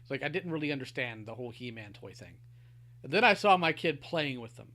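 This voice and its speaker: A man hosting a podcast, chatting in an animated, playful way. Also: medium pitch. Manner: animated, playful, quick to laugh. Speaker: podcast host. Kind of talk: casual podcast chat.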